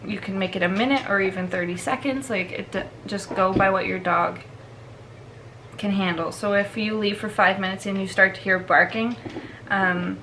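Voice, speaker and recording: In a laid-back vlog, a woman who trains dogs walks through the steps, laughing a lot and leaning on filler words. She speaks at a normal speed in a steady, pushed and bright mid-range voice, though the audio is poor with slight background noise.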